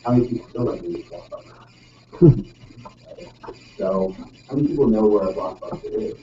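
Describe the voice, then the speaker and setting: A man's voice: lowish voice, lively intonation, normal speed, dark tone. A man giving a technical presentation to a live audience, talking casually with many ums and frequent tag questions. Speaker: presenter at a user group meeting. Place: meeting room. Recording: roomy, distant, dull sound with faint noise.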